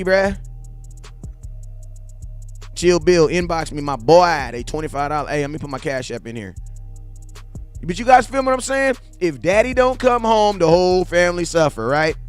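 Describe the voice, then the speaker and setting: A man's voice: high voice, very animated, measured pace, pauses often, soft background music. Rambling slangy man talking football. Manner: loose, rambling, slangy, repeats "bruh". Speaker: sports vlog host. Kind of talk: casual livestream chat.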